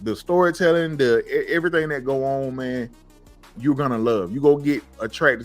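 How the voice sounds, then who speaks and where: A man's voice: mid-range voice, normal speed, soft background music. A man co-hosting a podcast, rambling casually and restarting his sentences often. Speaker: podcast co-host. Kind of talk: casual chat.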